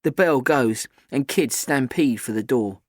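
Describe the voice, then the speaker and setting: A man's voice: mid-range voice, unhurried, dry recording, clean studio sound. A man giving scripted first-person audiobook narration in a glum, tense storytelling manner.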